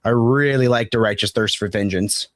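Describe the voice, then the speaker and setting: A man's voice: on the low side, normal speed, a bit bright, no room sound, clean studio sound. A man guest on a casual live stream, easygoing and eager to recommend things.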